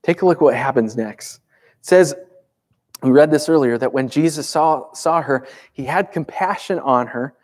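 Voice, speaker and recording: A man's voice: mid-range voice, normal speed, darkish tone. A man preaching a sermon as pastor, speaking conversationally and emphatically with rhetorical questions.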